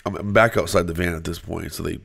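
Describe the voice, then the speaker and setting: A man with a very deep voice tells a long personal story in loose, conversational fashion. He rambles and fills nearly every pause with "like," keeping everything offhand and unscripted. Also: fairly even intonation, vocal fry, fairly bright tone, husky. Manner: rambling, filler-heavy, frequent "like". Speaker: guest telling his story. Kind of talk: casual storytelling.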